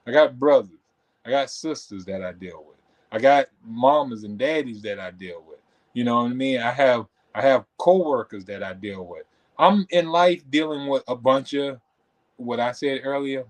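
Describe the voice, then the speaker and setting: A man hosting a livestream, talking in an animated, conversational way with many asides. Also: mid-range voice. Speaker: host. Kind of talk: motivational talk on a livestream.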